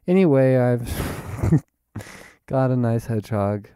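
Drunk podcast guy talking real slow, dry close sound, meandering and self-mocking. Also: mid-range voice, expressive, dark tone, smooth, no echo. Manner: meandering, playful and self-mocking, drifting into sing-song. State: tipsy from drinking. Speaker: podcast host. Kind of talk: rambling solo podcast monologue. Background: faint looped guitar.

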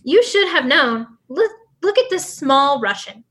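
A woman's voice: sits high, very animated, measured pace, fairly bright tone. A young woman guesting on a podcast in casual chat, opinionated and emphatic.

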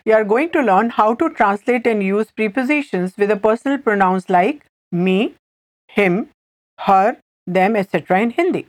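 A woman co-hosting a language-lesson podcast, reading her script and repeating phrases slowly and carefully. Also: mid-range voice. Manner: slow, careful repetition of phrases. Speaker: language teacher, podcast co-host.

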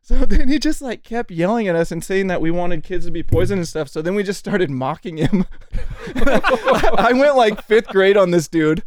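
A man co-hosting a podcast, telling a story in a casual, animated way, laughing often and saying "dude" a lot. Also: high voice, normal speed. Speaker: podcast co-host.

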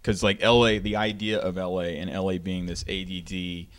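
A man's voice: low voice, little pitch movement, normal speed, fairly bright tone. A man talking as a guest filmmaker on a podcast, laid-back and full of "like" and "you know". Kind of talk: casual interview talk.

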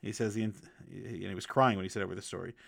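A low-voiced man with a gravelly edge reviews a book by retelling its stories. He speaks in a halting, casual way, restarting phrases and using fillers. His voice is close and dry, with no room sound. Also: fairly even intonation, fairly bright tone, no room sound.

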